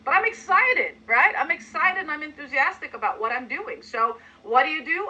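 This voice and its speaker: A woman giving an energetic coaching talk to a sales team, acting out sample pitches with emphatic delivery. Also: moderate pace, few pauses, highs cut off. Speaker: sales trainer.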